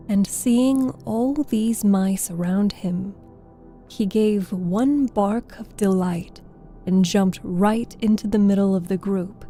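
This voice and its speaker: A woman narrating a classic children's audiobook in a slow, gentle storytelling way. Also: medium pitch.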